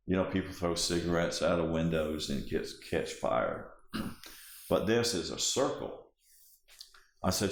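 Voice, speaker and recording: Low-voiced male storyteller, acts out the dialogue; echoey room. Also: measured pace. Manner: vivid storyteller acting out dialogue. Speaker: interviewee. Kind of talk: personal storytelling.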